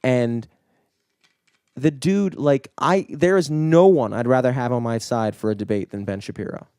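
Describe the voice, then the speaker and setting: In a studio, a podcast co-host talks casually, rambling, swearing, and using lots of filler words. His mid-range voice is a little mellow, clear, and resonant at a moderate pace, captured dry and at studio quality.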